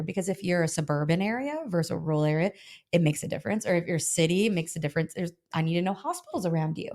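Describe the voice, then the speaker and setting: Fast-talking woman broker telling stories. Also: on the low side. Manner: animated, acts out both sides of phone calls. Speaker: health insurance broker, guest. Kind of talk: casual interview storytelling.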